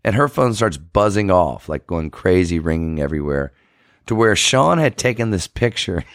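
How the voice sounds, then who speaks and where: Give me a man with a gravelly voice rambling through a profane, self-correcting story, pitch swinging widely. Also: big pitch swings, normal speed, no echo, clean studio sound. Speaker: podcast guest. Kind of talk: casual storytelling.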